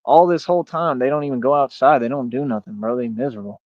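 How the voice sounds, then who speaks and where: A man's voice: medium pitch, fast talker, dry recording, phone-quality sound. A man, a streamer ranting in a boastful, taunting way and often asking "right?". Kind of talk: ranting monologue.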